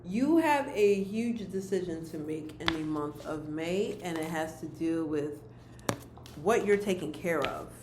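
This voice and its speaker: A woman's voice: lowish voice, expressive, a little slow, echoey room, background noise. A woman giving a monthly card reading to her viewers, speaking earnestly to them and repeating her key phrases. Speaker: spiritual card reader.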